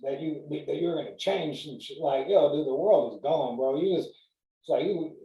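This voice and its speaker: Mellow-toned man telling profane stories. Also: on the high side, moderate pace. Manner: profane, storytelling, animated. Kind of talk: casual podcast chat. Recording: roomy sound, mic at a distance.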